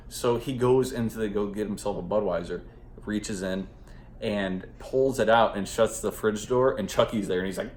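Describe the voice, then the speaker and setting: Casting: man with a very low voice, loose, rambling and profane movie review, recorded in an echoey room. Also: steady tone, brisk, a little mellow, slight background noise. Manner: rambling and profane, heavy on fillers. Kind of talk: casual spoken movie review.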